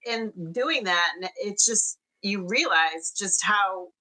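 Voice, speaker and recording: A woman's voice: medium pitch, slow pace, sharp tone, poor audio. A woman guest on a podcast, a dog owner who speaks earnestly and thoughtfully. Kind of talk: casual podcast chat.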